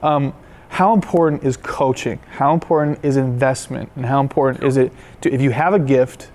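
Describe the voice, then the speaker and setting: A man hosting an interview, enthusiastic and quick to affirm his guest. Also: mid-range voice, darkish tone. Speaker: host. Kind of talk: interview conversation.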